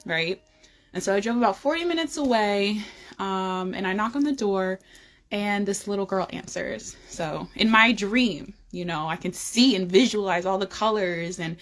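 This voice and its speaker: A woman's voice: mid-range voice, moderate pace. A woman hosting a wellness check-in, casually telling the story of a dream, with lots of "um" and "you know". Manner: chatty, frequent "um" and "you know", animated retelling.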